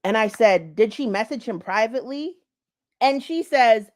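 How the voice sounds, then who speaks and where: A woman's voice: a little high, expressive, moderate pace. A woman vlogger giving blunt, profane commentary and talking straight to her viewers. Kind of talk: casual drama commentary.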